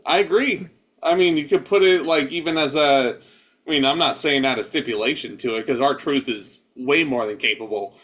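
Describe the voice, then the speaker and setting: A man's voice: medium pitch, normal speed, a bit bright. A man co-hosting a casual wrestling review podcast, easygoing and hedging with casual swearing. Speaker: podcast co-host.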